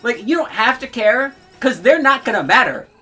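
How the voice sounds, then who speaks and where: A young woman with a bright, forceful voice, pitched a little high, rants at a stream audience. She is heated and profane, and she laughs between outbursts. Faint music plays behind her. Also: expressive, moderate pace. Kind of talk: ranting livestream commentary.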